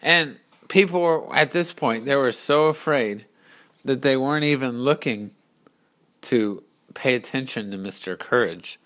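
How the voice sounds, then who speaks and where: Slow, bright-voiced male storyteller. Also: mid-range voice. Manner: unhurried, explanatory, with restarts. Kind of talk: improvised oral storytelling.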